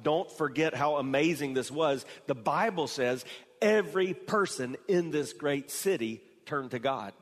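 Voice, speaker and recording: A man preaching a sermon as pastor, moving from slow, quiet phrasing to raised, emphatic delivery. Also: a little high, long reverb tail.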